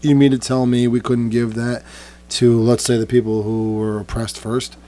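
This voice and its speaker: A man chatting casually on a podcast, an animated storyteller who gets loud and quick when excited. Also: mid-range voice. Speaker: podcast co-host.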